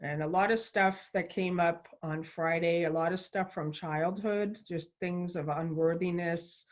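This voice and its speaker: A woman's voice: fairly low pitch, fairly even intonation, a little slow. Effusive woman hosting a livestream show. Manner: effusive and enthusiastic, chatty storytelling. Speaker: show host.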